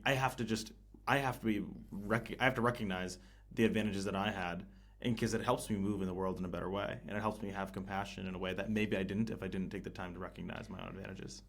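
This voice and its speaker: A man in casual podcast conversation, talking in a halting way with many restarts and fillers. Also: deep voice, steady tone, fairly bright tone. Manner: hesitant, many restarts and fillers, laughs easily. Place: living in Italy.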